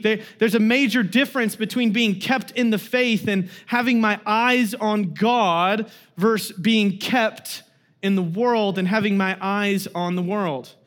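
A man's voice: high voice, fairly bright tone. A young adult man giving a sermon as a guest preacher, telling a family story in a casual way with many fillers.

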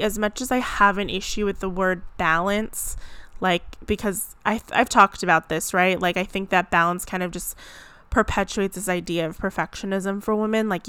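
A woman chats casually to her viewers in a bright, crisp voice. She rambles and corrects herself, scattering "like" through her talk. The sound is close and dry, with no room around it. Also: mid-range voice, normal speed, dry recording. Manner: chatty, rambling, frequent "like" fillers. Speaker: vlogger. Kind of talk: casual chat to camera. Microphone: close mic.

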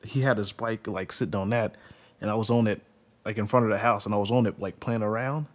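A man's voice: lowish voice, fairly even intonation, quick pace. A man in his twenties from Illinois telling a rambling personal story, full of fillers and laughter. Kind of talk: casual personal anecdote.

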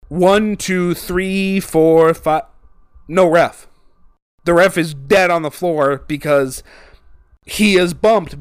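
A man giving an excitable, casual play-by-play recap of a wrestling match, acting out the wrestlers' lines in exaggerated voices. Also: fairly high pitch, no echo. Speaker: wrestling podcast host.

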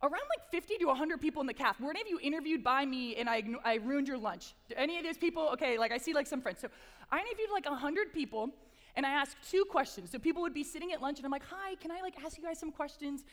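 A young woman delivers a chatty, upbeat chapel talk full of playful asides. Her voice sits high. It rings out with a long reverb across a large hall. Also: lively intonation, fast, fairly bright tone. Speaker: chapel speaker, campus ministry assistant. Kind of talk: casual sermon with prayer.

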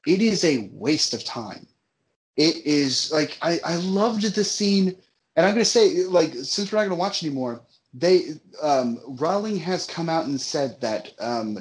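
A man ranting in casual talk about a movie he disliked, emphatic and profane, often repeating himself for effect. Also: a little high. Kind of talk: casual movie-review rant.

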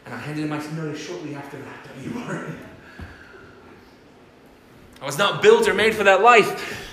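A man's voice: fairly high pitch, lively intonation, moderate pace, bright, forceful tone. A man preaching a sermon as pastor, telling stories animatedly and acting out the voices of the people in them. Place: church hall. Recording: roomy church hall sound.

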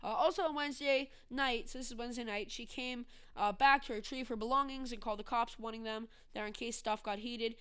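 Bright, clear-voiced woman ranting sarcastically. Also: a little high, fairly even intonation, brisk, few pauses. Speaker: podcast host. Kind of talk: casual political commentary.

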